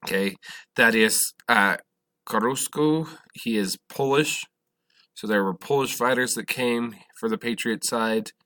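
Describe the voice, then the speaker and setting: A man teaching a history class, lecturing in a halting way, correcting himself and asking the class questions. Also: medium pitch, bright, forceful tone.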